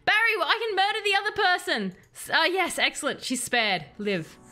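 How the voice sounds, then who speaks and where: A woman streaming a game, chatting with viewers and reading game text aloud in a chatty, animated way. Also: very high voice, moderate pace. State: has a headache. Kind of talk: casual game commentary with chat.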